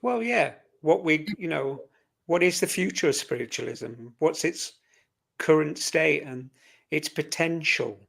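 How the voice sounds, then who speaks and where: A man's voice: a little high, measured pace, creaky, fairly bright tone. A man taking part as a guest in a casual live-stream chat, speaking in an earnest, reflective way.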